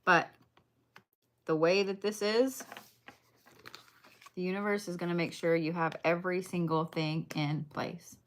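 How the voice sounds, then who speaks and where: A woman's voice: lowish voice, fairly even intonation, a little slow, long pauses. A woman doing a casual livestream card reading, blunt, chatty and full of swearing as she talks to viewers.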